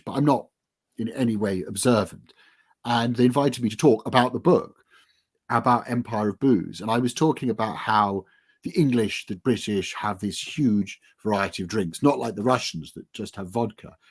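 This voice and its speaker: A man's voice: mid-range voice, expressive, moderate pace, husky. A man being interviewed as an author, chatting casually in a self-deprecating, rambling way. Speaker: author guest.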